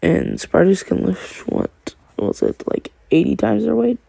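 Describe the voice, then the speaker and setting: A man's voice: high-pitched, very animated, a little slow, vocal fry, warm tone, dry recording, pitched above the performer's own voice, heavily acted. A man voicing a downbeat young boy with spider powers, musing aloud. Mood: glum.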